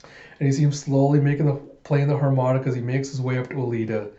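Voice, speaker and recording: A man reading a comic book aloud in a casual, excitable way, narrating the panels. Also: mid-range voice, fast, echoey room, highs cut off. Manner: casual, excitable, laughs often. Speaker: comic reader.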